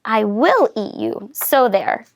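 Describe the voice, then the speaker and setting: A woman voicing a big, misunderstood male wolf who is gruff but soft-hearted, speaking in an earnest, gentle way. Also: a little high, sing-song, takes it slowly, heavily acted.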